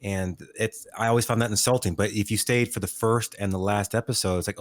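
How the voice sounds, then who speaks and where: A man co-hosting a podcast in casual chat, giving opinions in a measured way and repeating words as he thinks. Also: lowish voice, fairly even intonation, dry recording. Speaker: podcast co-host.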